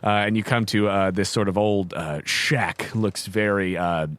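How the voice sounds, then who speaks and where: A man narrating as game master of a tabletop game, relaxed, with frequent fillers and laughter. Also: on the low side, a little slow, no room sound.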